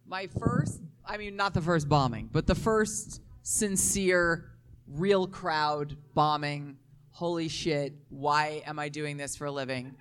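Animated woman comic telling a story. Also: deep voice. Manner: animated, self-deprecating, swears freely. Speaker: stand-up comic panelist. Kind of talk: casual storytelling.

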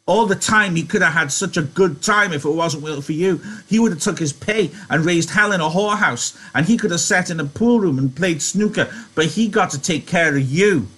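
A man's voice: a little high, moderate pace, hardly any pauses, a bit bright, husky, pitched above the performer's own voice. A man reading aloud and voicing a scolding elderly aunt, imagined by a simple-minded man, who nags and reproaches. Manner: nagging, reproachful.

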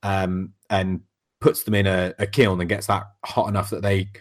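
Man, low voice, relaxed chatter, laughs a lot. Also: normal speed. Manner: laid-back, swears casually, laughs often. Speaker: podcast co-host, blacksmith. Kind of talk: casual chat.

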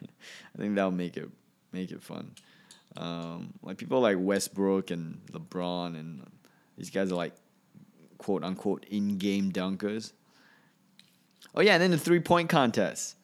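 A man's voice: sits low, measured pace, vocal fry, long pauses. A male comedian talking alone on his podcast, rambling and offhand, often trailing off and restarting his sentences. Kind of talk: solo podcast monologue.

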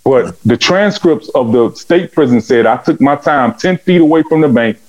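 A man's voice: medium pitch, lively intonation, normal speed, darkish tone, muffled recording. A man telling his life story as an interview guest. He speaks fervently and animatedly, acting out the dialogue with big swings in his voice. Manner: fervent and preaching. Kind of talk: emotional testimony storytelling.

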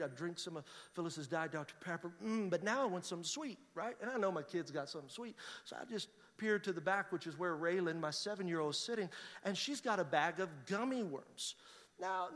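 A middle-aged man, a pastor telling a story in a sermon and building to loud preaching. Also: sits high. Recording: reverberant hall.

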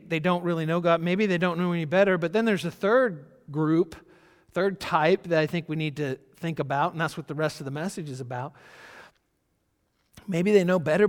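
A pastor delivers a sermon in a high, light voice, speaking in an easy, conversational way with frequent restarts. His words trail off into the long reverb of a large church hall. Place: church sanctuary.

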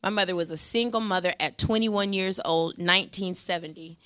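A woman's voice: fairly low pitch, brisk, bright, forceful tone. A middle-aged woman pastor preaching a sermon in a church, emphatic and passionate, her voice swelling as she makes her points.

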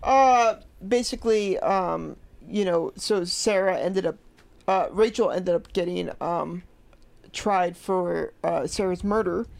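A woman co-hosting a relaxed true-crime podcast, her voice a little gravelly with vocal fry. She restarts her sentences and repeats words as she talks. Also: lowish voice, takes it slowly. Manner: stammering, repeats words, laughs often. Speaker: podcast co-host. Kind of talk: casual true-crime chat.

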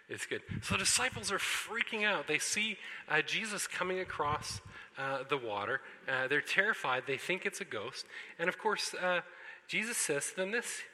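A man preaching in a church hall, his voice very bright and forceful. He talks in an animated way and jokes with the congregation. A long reverb from the hall trails behind his words. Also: on the high side, moderate pace. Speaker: pastor. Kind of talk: sermon.

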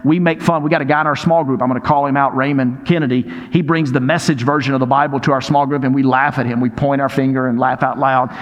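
A man's voice: mid-range voice, fast talker, hardly any pauses, muffled recording. Preaching man in a reverberant hall. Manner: animated preaching with audience prompts. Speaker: pastor. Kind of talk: sermon.

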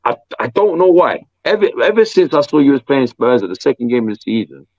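A young man, telling animated, slang-heavy stories as co-host of a casual football podcast. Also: mid-range voice, brisk, no echo, highs cut off.

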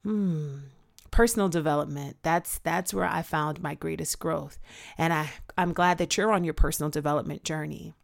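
A woman speaks in a low, gravelly voice as she gives a personal testimony. Her delivery is earnest and reflective, slow and deliberate. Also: fairly even intonation. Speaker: speaker sharing her story.

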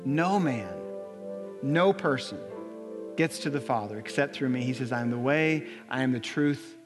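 In a church sanctuary with long reverb and soft music, a young adult pastor preaches, telling a story with earnest repetition. His voice is medium-pitched and his pace moderate.

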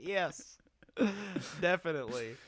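A man's voice: a little high, animated, slow, fairly bright tone. A man co-hosting a podcast in casual comedic chat, joking and laughing often as he riffs on bits. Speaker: podcast co-host.

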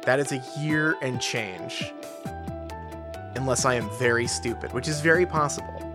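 A woman's voice: a bass voice, moderate pace, music in the background. A woman co-hosting a podcast, chatting casually, rambling and correcting herself as she talks things through, and sometimes reading aloud. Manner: rambling, self-correcting, laughing. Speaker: podcast co-host.

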